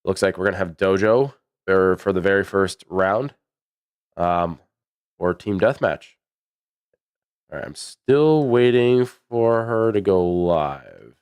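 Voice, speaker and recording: A man with a baritone voice giving chatty, rambling livestream commentary on a match, with many fillers. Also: takes it slowly, long pauses, a little mellow, clear, resonant tone, no room sound. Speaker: esports commentator.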